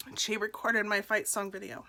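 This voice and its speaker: Bright-voiced woman telling a painful story. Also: mid-range voice, little pitch movement. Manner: emotional, halting, with soft laughs. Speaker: speaker sharing her story. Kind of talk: personal testimonial talk.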